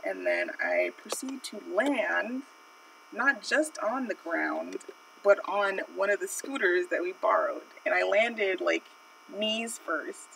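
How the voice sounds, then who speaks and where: A woman's voice: mid-range voice, big pitch swings, slow, gravelly, pushed and bright, distant mic, a little hiss or hum, low-quality recording. A woman streaming while she draws, telling a personal story in a rambling, chatty way with lots of fillers. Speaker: art streamer. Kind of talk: casual live-stream storytelling.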